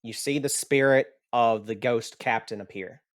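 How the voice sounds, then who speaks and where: A man narrating a tabletop game as game master, in a slow and rambling way with restarts. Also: mid-range voice.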